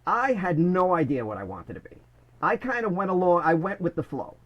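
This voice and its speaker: A middle-aged man from the Bronx, a former corrections officer telling stories in an animated, casual way. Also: high-pitched, fairly quick, lo-fi sound. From Bronx, New York. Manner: animated, many restarts, "I says". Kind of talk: casual storytelling.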